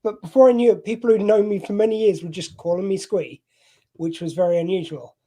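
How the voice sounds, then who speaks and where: A man's voice: high-pitched, steady tone, brisk, dark tone. A middle-aged man from southern England, a podcast host, telling a rambling, self-deprecating story in casual chat. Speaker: podcast host being interviewed.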